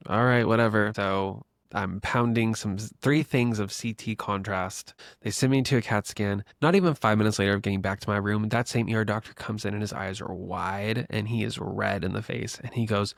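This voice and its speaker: A young man with a gravelly, fry-edged voice, pitched a little low, chatting through his own story on a podcast. He talks casually and loosely, packed with fillers, and calls his listeners besties. The sound is close and dry, with no room around it. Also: normal speed, hardly any pauses, no room sound. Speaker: podcast host. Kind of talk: casual solo podcast talk.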